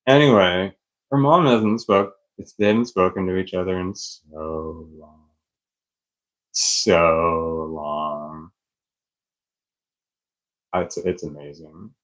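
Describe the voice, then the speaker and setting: A man's voice: low voice, takes it slowly, long pauses, fairly bright tone. A middle-aged man casually telling a long personal story, rambling, swearing freely and laughing often. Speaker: vlogger.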